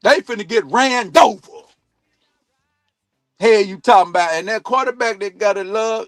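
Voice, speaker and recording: A man hosting a sports talk stream, ranting bluntly and swearing a lot, jumping between loud outbursts and low mutters. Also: normal speed, pauses often, no room sound, faint music behind. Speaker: sports talk show host. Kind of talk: profane sports opinion rant. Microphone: streaming mic.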